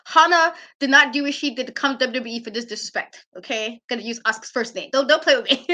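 A woman co-hosting a wrestling talk show, ranting in an animated, exasperated way and laughing often. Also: on the high side, fairly quick. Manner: emphatic repetition. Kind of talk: casual podcast rant.

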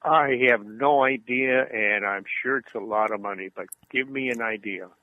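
A man's voice: mid-range voice, normal speed. A man co-hosting a casual podcast chat over the phone, chatty and rambling through anecdotes. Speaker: co-host. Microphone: phone line. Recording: tinny phone line.

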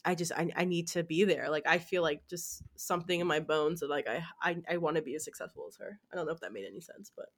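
A young woman in her twenties hosts a casual podcast chat with a lowish voice. She rambles animatedly from thought to thought and swears freely. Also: fast, hardly any pauses, slight background noise. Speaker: podcast host.

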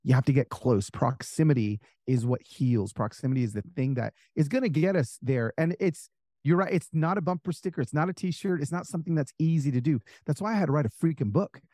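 A man telling stories in a casual interview as an author guest, animated and full of fillers, acting out the people he quotes. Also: fairly high pitch, brisk, no echo, studio quality. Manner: animated, acts out quoted voices, many fillers.

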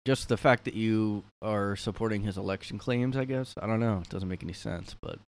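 A man's voice: on the low side, fairly quick. A man hosting a casual solo podcast from his room, rambling with lots of fillers and a sardonic edge. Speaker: podcast host.

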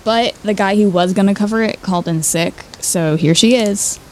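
Woman player, mid-pitch, casual tabletop talk, faint hiss behind. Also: normal speed. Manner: casual, describing her character. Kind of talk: casual tabletop game play.

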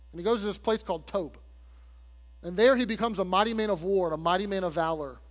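A man preaching a sermon as pastor, telling a story conversationally, speaking straight to the congregation and acting out the people in it. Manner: acts out quoted characters with shifts in pitch and loudness. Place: church sanctuary. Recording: long hall reverb with faint mains hum.

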